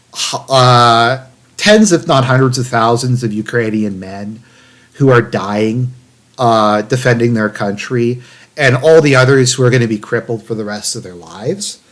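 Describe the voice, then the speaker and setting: A man's voice: medium pitch, fairly bright tone. A man streaming live commentary, reading an article aloud in a raised, mock-dramatic tone and cutting in with dry, profane, sarcastic asides full of fillers. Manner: profane, rambling, many fillers.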